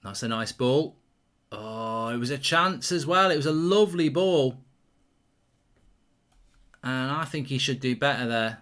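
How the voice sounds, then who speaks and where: Bright-voiced man on a live watchalong. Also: medium pitch, measured pace, pauses often. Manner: excitable, reacts loudly to chances, reads out viewer questions. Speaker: host of a live football watchalong. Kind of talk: live match commentary and chat with viewers.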